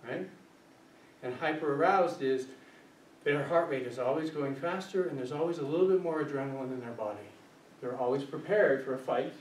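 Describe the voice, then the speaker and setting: A man presenting a workshop as a social worker, lecturing a small group and asking them questions as he speaks. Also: fairly high pitch. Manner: engaging, asks the group questions; acts out quoted voices. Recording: echoey room from a distance, faint hiss.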